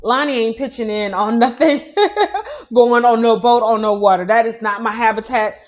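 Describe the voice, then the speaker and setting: A woman's voice: fairly high pitch, fairly even intonation, moderate pace. A young adult woman hosting a casual celebrity news show, chatty and opinionated, with many asides. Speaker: news host.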